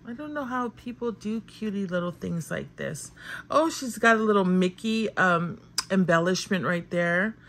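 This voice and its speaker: A woman hosting a crafting channel, chatting casually and gushing with excitement as she opens mail. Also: mid-range voice, normal speed. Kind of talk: casual unboxing vlog chat.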